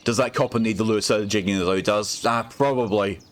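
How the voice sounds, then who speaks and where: A man's voice: on the low side, fast. A man streaming a game, chatting casually and telling corny jokes. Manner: jokey, chatty, laughs at his own puns. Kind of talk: casual gameplay commentary.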